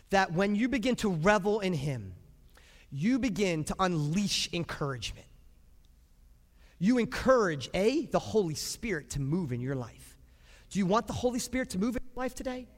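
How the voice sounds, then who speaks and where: A middle-aged man preaching a sermon as pastor, emphatic, repeating phrases and breaking into loud cheers. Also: sits high, big pitch swings, normal speed. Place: church sanctuary. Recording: long reverb of a church hall.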